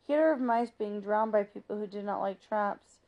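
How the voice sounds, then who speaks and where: A woman reading a children's novel aloud in a steady, plain narrating voice, with small slips. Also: medium pitch, moderate pace, creaky, dull audio. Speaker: reader.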